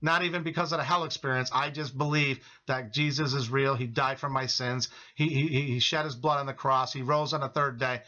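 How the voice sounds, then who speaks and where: A man's voice: medium pitch, fairly even intonation, a little fast, few pauses, sharp tone, highs cut off. A middle-aged man giving an earnest personal testimony to his viewers, emphatic and repetitive, calling them his friends. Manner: emphatic, repeats phrases, addresses viewers as friends.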